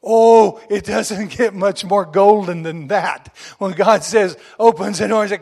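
A middle-aged man preaching a sermon, exuberant and emphatic, at times bursting into shouts. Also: sits high, a little slow, gravelly, few pauses, slightly rough.

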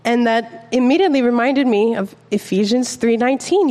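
A young woman giving an earnest, chatty sermon, reading scripture slowly and telling a personal story. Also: a little high, darkish tone, in a large hall. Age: young adult. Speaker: preacher.

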